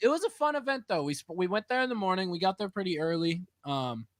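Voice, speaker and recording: On his podcast, a man with a high voice chats casually at a quick pace, telling an energetic story and acting out its characters. He laughs often, and there's no room sound.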